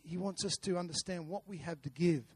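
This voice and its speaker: A man's voice: sits high, a little fast, slightly rough, no room sound. A man preaching a sermon, earnest, with rhetorical questions and repeated words. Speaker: pastor. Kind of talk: sermon with a told story.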